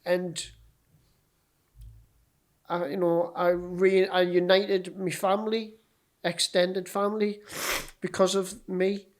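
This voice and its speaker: A man from the North East of England with a broad Geordie accent, speaking a little higher than most men. He tells his personal story as a podcast guest, blunt and sweary, slipping into the voices of the people he met. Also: level tone, slow pace, pauses often.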